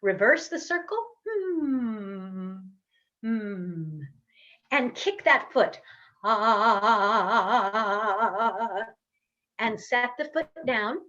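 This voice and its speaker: A woman voice coach leading a guided vocal warm-up over a webcam, giving encouraging step-by-step instructions with long hums. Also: high-pitched, very animated, normal speed, hardly any pauses, muffled recording. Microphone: webcam on a video call.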